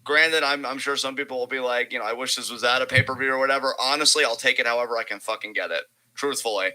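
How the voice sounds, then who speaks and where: A man's voice: medium pitch, fast talker, sharp tone, low-quality recording. A young man co-hosting a casual wrestling chat, talking hesitantly with lots of fillers and some swearing. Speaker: co-host.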